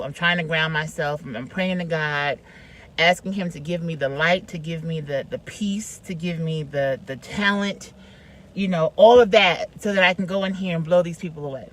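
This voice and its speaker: Woman vlogger, storytime, chatty and slangy, swings from hushed to loud. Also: lowish voice, moderate pace, slight background noise, rough recording. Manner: chatty, slangy, lots of "like" and "you know". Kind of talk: casual storytime.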